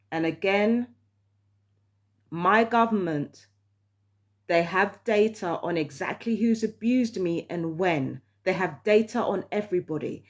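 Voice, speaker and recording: A London vlogger rants heatedly in a casual monologue, swearing a lot. Her mid-range voice stays unhurried.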